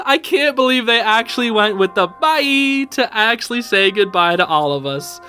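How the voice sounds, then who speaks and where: A man giving a casual, excited reaction to a show's episode, full of slang and calling the listener dude and bro, and a bit emotional about it. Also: high-pitched, moderate pace, hardly any pauses, faint music behind. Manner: emotional, a little teary. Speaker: YouTube show reviewer.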